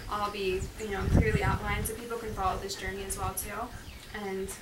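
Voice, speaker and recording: A woman's voice: mid-range voice, flat delivery, brisk. A woman guest in a casual interview, earnest and laughing often, with many fillers. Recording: echoey, distant, loud noise.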